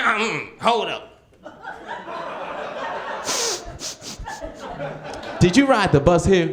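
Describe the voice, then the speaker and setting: A young man performs stand-up on a club stage, talking in a relaxed, storytelling way. He chuckles at his own lines and slips into other people's voices. His voice sits at an ordinary, mid-range pitch. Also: creaky, roomy sound, background noise. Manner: laid-back storytelling, acts out voices, laughs at own jokes. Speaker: stand-up comedian. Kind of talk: stand-up comedy set. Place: comedy club stage with audience.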